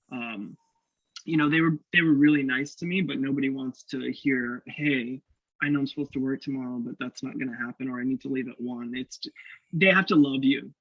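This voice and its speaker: A young man from Canada, a guest actor telling stories in a casual interview, animated and laughing, acting out the voices he quotes. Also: mid-range voice, no echo. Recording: dull lo-fi dry sound.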